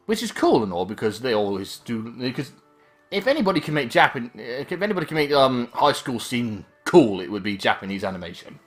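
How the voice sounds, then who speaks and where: A man's voice: medium pitch, big pitch swings, fairly quick, soft background music. A man giving casual, joking commentary over a video game playthrough, rambling and correcting himself as he goes. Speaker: let's play commentator.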